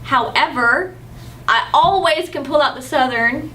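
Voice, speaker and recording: A woman's voice: high-pitched, measured pace, bright, forceful tone, slight background noise. A young woman in her twenties showing off dialects for an audition reel, playful and self-mocking. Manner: playful, hopping between put-on accents. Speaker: acting student. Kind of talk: accent showcase for an audition reel. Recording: distant mic.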